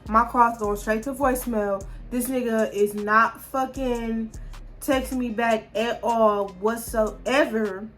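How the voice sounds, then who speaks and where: A woman's voice: on the high side, fairly even intonation, slow, a bit bright, faint music behind. A young woman, talking straight to her viewers in a candid, profane storytime monologue full of restarts. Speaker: vlogger.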